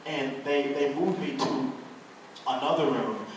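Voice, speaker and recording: A man's voice: mid-range voice, slight background noise. Earnest young man, echoey and distant. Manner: earnest, halting, many fillers and restarts. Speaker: guest telling his testimony. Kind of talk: personal testimony to an audience. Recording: echoey room from far off.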